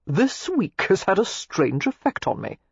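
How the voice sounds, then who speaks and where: A woman's voice: fairly low pitch, big pitch swings, moderate pace, darkish tone, husky, dry recording. A woman voicing an ardent young English lord who makes earnest, flowery declarations. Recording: slightly muffled lo-fi recording.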